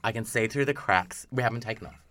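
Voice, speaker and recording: A man's voice: fairly low pitch, quick pace, sharp tone. A young man on a podcast, telling a travel story in an exasperated, profane rant and acting out the people in it. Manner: profane, exasperated, acts out quotes. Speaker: podcast co-host. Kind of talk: casual ranting storytelling.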